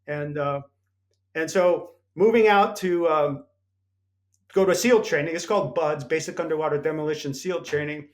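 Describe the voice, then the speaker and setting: A man with a fairly high voice tells stories from his past as a podcast guest. He is animated and acts out the voices of the people in them. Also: normal speed. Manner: animated storyteller acting out quoted voices. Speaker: podcast guest, former Navy SEAL. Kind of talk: storytelling in an interview.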